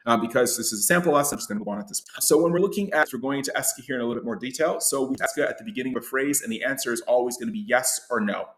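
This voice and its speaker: A man's voice: mid-range voice, racing, hardly any pauses, a bit bright, echoey room. A man teaching a French lesson, talking loosely through his slides and often repeating and correcting himself. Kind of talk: online lesson explaining slides.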